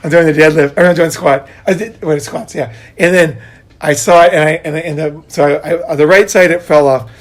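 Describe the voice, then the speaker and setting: A middle-aged man with a somewhat high speaking voice, telling stories in casual conversation. He is animated, laughs often and drops the odd curse word. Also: brisk. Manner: animated, laughing storyteller who swears casually. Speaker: podcast host.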